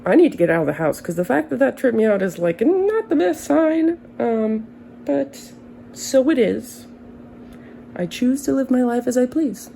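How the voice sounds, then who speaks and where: A woman in her early thirties speaks in a relaxed, warm tone with plenty of vocal fry. She drifts through a casual monologue, wandering off on tangents with dry, self-mocking humor and the odd curse. A faint hum sits behind her. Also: fairly high pitch, moderate pace, rough recording. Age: early 30s. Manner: rambling, tangent-prone, wry and profane. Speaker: vlogger.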